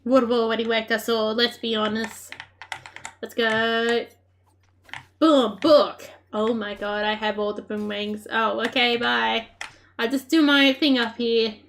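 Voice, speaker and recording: A woman narrates her own game as she plays, excitable and quick to laugh, throwing playful taunts at her opponents. Her voice sits a little on the high side. Faint keyboard clicks tick away in the background. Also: slight background noise. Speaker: gaming creator. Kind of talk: live gameplay commentary.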